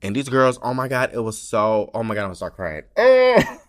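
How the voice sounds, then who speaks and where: Low-voiced man, profane and expressive. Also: fast. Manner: expressive, profane, heavy use of "like". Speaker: podcast host. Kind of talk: casual chat.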